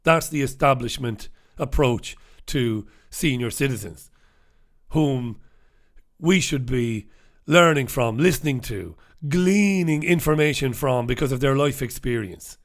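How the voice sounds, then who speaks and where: Brash, sarcastic host. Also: male voice, mid-range voice, a little slow. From Ireland. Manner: brash, sarcastic, swears freely. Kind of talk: live newspaper review with chat shout-outs.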